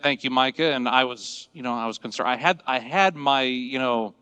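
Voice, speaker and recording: A man's voice: mid-range voice, moderate pace, pushed and bright, smooth, no room sound, in a large hall, dull audio. A man emceeing an awards ceremony, joking and giving upbeat instructions to a crowd. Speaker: master of ceremonies.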